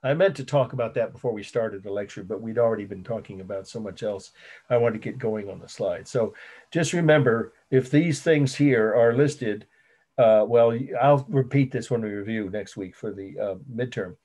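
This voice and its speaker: In a recorded online college lecture on art history, a middle-aged man talks at normal speed in a fairly low, mellow voice. His delivery rambles, with self-corrections and terms spelled out one letter at a time.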